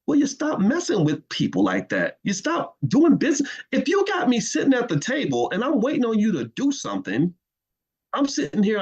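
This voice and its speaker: A man giving impassioned commentary, emphatic and animated, often repeating words. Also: sits high, muffled recording.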